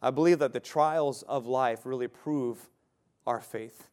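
A man's voice: mid-range voice, measured pace, darkish tone. A man preaching an evening sermon, earnest and direct, asking the listeners questions and now and then laughing lightly. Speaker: pastor.

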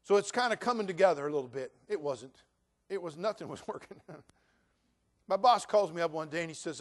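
A man in his sixties, a pastor preaching a sermon, telling humorous stories and then building to loud preaching. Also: fairly high pitch, brisk, long pauses.

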